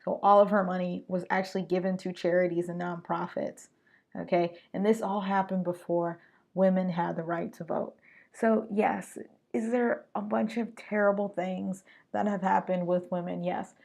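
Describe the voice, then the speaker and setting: A woman hosting a solo podcast, talking straight to her listeners in an animated, slangy way. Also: fairly low pitch, normal speed, gravelly. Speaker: podcast host.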